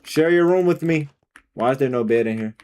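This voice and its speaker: A man live-streaming a game, reacting out loud in casual, slangy commentary and talking to himself and his viewers. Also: mid-range voice, fairly quick, clean tone. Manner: excitable, slangy, talks to himself and chat.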